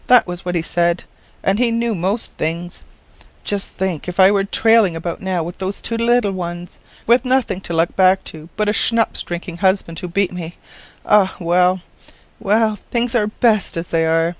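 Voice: mid-range voice, dry recording, natural voice. Reader doing a dry, practical shopkeeper woman. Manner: dry, hurried. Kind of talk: audiobook reading.

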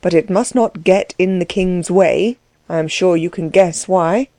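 A woman voicing a calm, dryly ironic gentleman in an audiobook, measured and unruffled. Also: on the low side, no room sound. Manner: measured, unruffled, dry irony. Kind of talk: audiobook character reading.

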